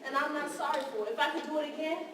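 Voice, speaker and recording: An actress plays a wounded, defiant young woman in a live stage drama. Her voice sits high and bounces around a big echoing hall, picked up from far off. She speaks raw and confrontational. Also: very fast, background noise, natural voice. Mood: unhinged, defiant. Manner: raw and confrontational, with bursts of bitter laughter. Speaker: stage actor. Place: theater stage. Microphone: distant room mic.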